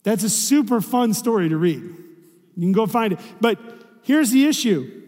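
With a notably high pitch and a darkish tone, a pastor preaches expressively at a measured pace. His style is chatty and conversational, punctuated by rhetorical questions to the room, and his voice lingers in a long hall reverb.

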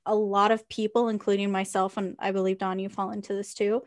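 A woman's voice: mid-range voice, level tone, brisk. A woman co-hosting a podcast, chatting candidly about her own experiences, often laughing and putting direct questions to the listener. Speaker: podcast co-host. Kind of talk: casual podcast chat.

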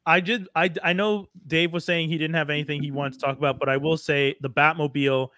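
Podcast cohost guy, chatty and quick, bright higher voice. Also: fairly even intonation, dry recording, clean studio sound. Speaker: podcast co-host. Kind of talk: casual chat.

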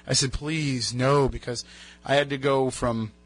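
Chatty New radio host. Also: male voice, medium pitch, little pitch movement, normal speed. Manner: chatty, rambling storyteller. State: recovering from a lost voice. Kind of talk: casual radio banter.

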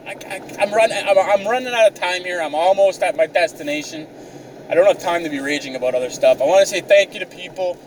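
A man's voice: high-pitched, distant mic, slight background noise, low-quality recording. A young man vlogging outdoors on the move, telling a rambling, profane, sarcastic comic story. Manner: rambling, swears constantly, sarcastic. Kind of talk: profane comedic rant.

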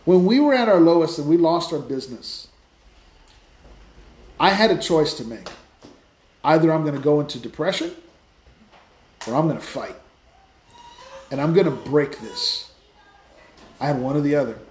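A man hosting a Christian podcast, telling stories in a lively, casual way with many restarts. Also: fairly high pitch, moderate pace, pauses often, roomy sound, a little hiss or hum. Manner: animated storytelling with many restarts. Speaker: podcast host, Christian speaker. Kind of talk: casual faith talk.

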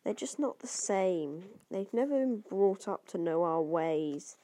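A woman's voice: on the low side, animated, a little slow, mellow. A woman voicing a snobbish pale boy who drawls in a superior way, in an amateur audiobook reading.

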